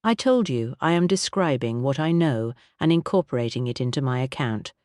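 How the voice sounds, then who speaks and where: A woman's voice: rumbling low, lively intonation, darkish tone, no echo, studio quality. A man voicing an imperious elderly aristocratic lady who talks in a commanding, theatrical way. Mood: firm. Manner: commanding, brisk, dramatic.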